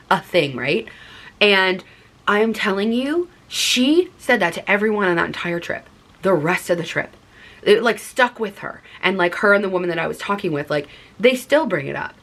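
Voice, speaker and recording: Chatty woman vlogger, lowish voice. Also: expressive, fast, bright, forceful tone. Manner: chatty, earnest, heavy use of "like". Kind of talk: casual confessional chat to camera.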